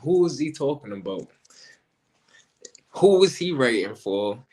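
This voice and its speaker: Slangy, animated man talking battle rap. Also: medium pitch, a little slow, noisy background. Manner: animated, slangy, repeats himself. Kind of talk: casual commentary monologue.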